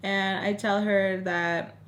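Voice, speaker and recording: A young woman vlogger telling a casual storytime, rambling along with plenty of "like" fillers and animated retelling. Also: mid-range voice, takes it slowly.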